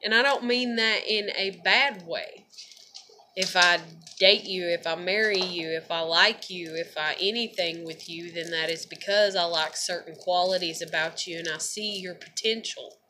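Bright-voiced tired woman venting. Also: lowish voice, moderate pace, slight background noise. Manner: rambling, profane, laughs often. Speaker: vlogger. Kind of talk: casual venting to camera.

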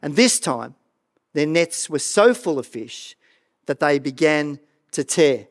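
A middle-aged man preaching a sermon as pastor of a church, earnest and animated, often stumbling and repeating words. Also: on the high side, slow.

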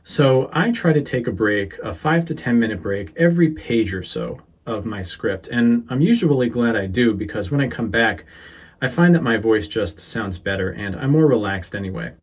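A male teacher talking through a how-to lesson into a close microphone, unhurried and easygoing, with a few fillers. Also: mid-range voice, lively intonation, slightly rough. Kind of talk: instructional voice-over. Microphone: close sensitive studio mic.

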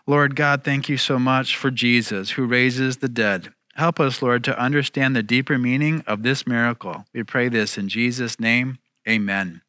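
Male pastor, bright forceful tone, earnest sermon delivery, dry close sound. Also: mid-range voice, fairly even intonation, dry recording. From United States. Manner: earnest, emphatic preaching with slowed key phrases. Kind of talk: sermon with scripture reading.

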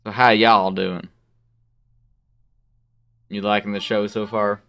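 A man's voice: fairly low pitch, level tone, takes it slowly, creaky, a bit bright. Chatty man streaming a game. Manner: casual, chatty, fillers and restarts. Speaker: stream co-host. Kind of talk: casual game stream chat.

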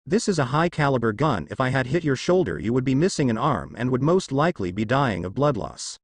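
A man's voice: mid-range voice, animated, brisk, no echo, natural voice. A man voicing a cold vampire ninja boy. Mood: cold, menacing. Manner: cool, threatening delivery.

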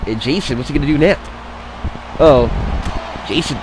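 A man giving casual play-by-play commentary on a wrestling video game match, excitable and swearing, drifting into rambling asides. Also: mid-range voice, moderate pace, noisy background.

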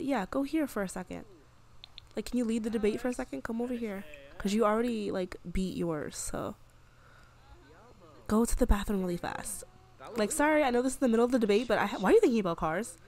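A young woman casually commentating a life-simulation game, chatty and excitable. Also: fairly high pitch. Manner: chatty, excitable, with frequent gasps and laughs. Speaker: gaming video creator. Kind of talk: casual let's-play commentary.

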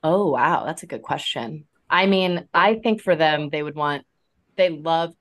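A young woman chatting as a guest on a podcast, her voice sitting a little low. She talks loosely, laughing often and restarting her sentences. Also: unhurried. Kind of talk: casual interview chat.

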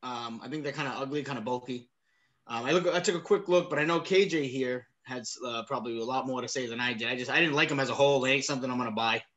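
Blunt Boston man with a bright voice. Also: medium pitch, fast talker, muffled recording. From Boston area. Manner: blunt, joking, trails off quietly. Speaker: podcast co-host. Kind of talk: casual chat.

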